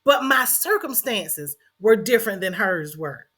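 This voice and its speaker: A woman's voice: mid-range voice, animated, measured pace, fairly bright tone, slightly rough. A middle-aged woman, earnestly telling a personal story as a podcast host and repeating phrases for emphasis.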